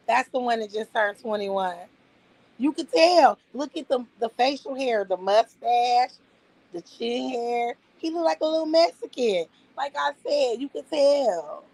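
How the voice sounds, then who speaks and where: A woman in her thirties telling a story in a casual, animated way. She swears freely and calls the listener "girl". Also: a little high, low-quality recording. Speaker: vlogger.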